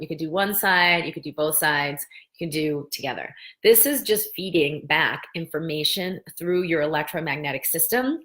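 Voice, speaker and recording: Middle-aged woman with a low voice, gentle host leading a guided lesson, talky and slow on key phrases. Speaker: host, medical practitioner teaching tapping.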